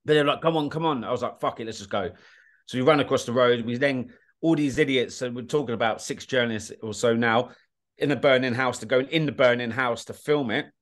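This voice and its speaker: A British man, a guest on an interview podcast, telling war stories in a blunt, animated way, swearing freely and often checking that the listener follows. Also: mid-range voice, brisk. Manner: animated, blunt, swears, often asks "do you know what I mean". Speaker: guest, war documentary filmmaker. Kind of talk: casual interview storytelling.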